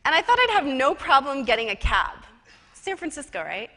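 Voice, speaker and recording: Bright-voiced woman telling a story on stage. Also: high-pitched, moderate pace, faint music behind. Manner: lively, chatty storytelling with casual fillers. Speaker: conference speaker and professional psychic. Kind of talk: personal storytelling talk. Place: conference stage in a large hall. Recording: reverberant conference hall.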